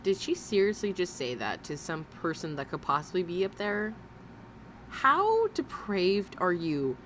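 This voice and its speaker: A woman's voice: fairly low pitch, very animated, measured pace, fairly bright tone, a little hiss or hum. Blunt, mocking woman commentator. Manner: mocking, blunt, swears freely. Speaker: commentary host. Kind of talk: reaction commentary.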